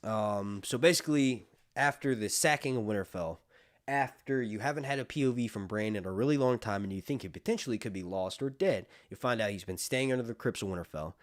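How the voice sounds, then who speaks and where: A man hosting a casual fantasy book review, excitable and chatty, laughing easily between asides. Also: fairly low pitch, fairly quick. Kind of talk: casual chat and book reading.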